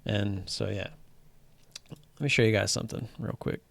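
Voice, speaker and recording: Gravelly, excitable man streaming live. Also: lowish voice, moderate pace, dry recording. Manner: excitable, swears casually, rambling restarts. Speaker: livestream host talking day trading. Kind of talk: casual live-stream chat. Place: home streaming setup wearing headphones.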